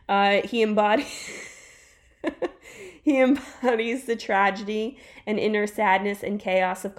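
On a video call, a woman co-hosting a podcast reads a review aloud during a casual chat in a medium-pitched voice. She stumbles and restarts over words and laughs easily.

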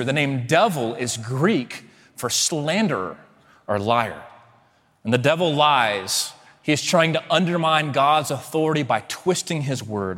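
A man preaches from the pulpit, rising to emphatic peaks and dropping to near hushes. His voice hangs in a church sanctuary with a long reverb. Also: mid-range voice. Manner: dynamic preaching, swings between loud emphatic and hushed. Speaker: pastor. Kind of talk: sermon.

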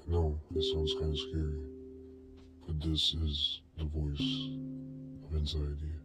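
A very deep ominous voice of anxiety. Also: male voice, completely flat delivery, loud music behind the voice. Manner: slow, commanding, ominous. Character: menacing male voice of anxiety, slow and looming. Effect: deep voice-changer app. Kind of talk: podcast skit.

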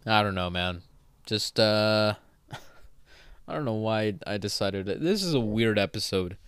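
A man's voice: fairly low pitch, measured pace, fairly bright tone, clear, resonant tone, dry recording. A man hosting a solo podcast, rambling casually with swearing and self-corrections, having just woken up. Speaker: podcast host.

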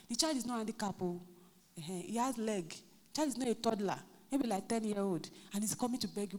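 A Nigerian woman pastor preaching a lively sermon, acting out quotes and joking with her congregation. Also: on the high side, a little fast. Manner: animated, acts out quotes, jokes with the congregation. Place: church hall. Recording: reverberant church hall.

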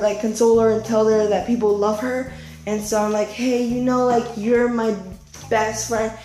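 A woman's voice: medium pitch, a little mellow. A teenage girl vlogging a story time, rambling through heavy "like" fillers and acting out quotes in a raised voice. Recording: echoey room, faint music behind.

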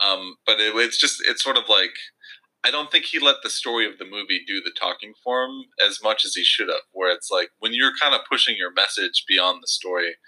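A man's voice: lowish voice, a little fast, pushed and bright, low-quality recording. A man co-hosting a casual film review chat, chatty and hedging with plenty of fillers. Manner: chatty, hedging, lots of fillers like "you know".

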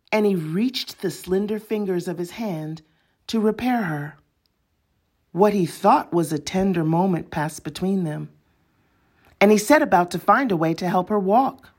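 A woman reading her own literary story as narrator, in a measured, poetic manner. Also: mid-range voice, a little mellow, breathy edge.

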